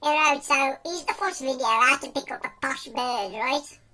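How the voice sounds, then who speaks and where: A man's voice: very high-pitched, normal speed, pushed and bright, pitched above the performer's own voice, exaggerated voice. A man voicing a boastful young Black Country lad with a Black Country accent who thinks he is a babe magnet. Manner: boastful, chatty.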